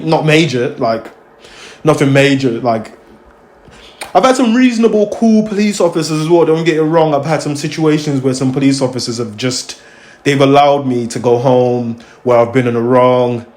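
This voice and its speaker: A young man with a London accent hosting a casual chat, telling stories in lively, slang-heavy street talk. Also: medium pitch, normal speed. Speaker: host. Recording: echoey room.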